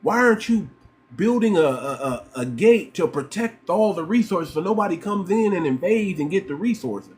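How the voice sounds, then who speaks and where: A man's voice: high voice, lively intonation, normal speed, darkish tone. Emphatic American man hosting a livestream. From United States. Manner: emphatic and repetitive, firing rhetorical questions. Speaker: livestream host. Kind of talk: livestream commentary.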